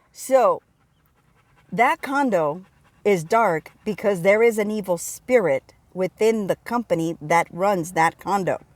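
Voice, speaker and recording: An excited woman recounts a spiritual experience in a loose, rambling way, circling back and repeating phrases as she talks. Her voice sits at an ordinary middle pitch. The sound is dry and close, with no room around it. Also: dry recording. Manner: excited, repetitive, storytelling with restarts. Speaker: religious vlogger sharing testimony. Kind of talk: casual spoken testimony.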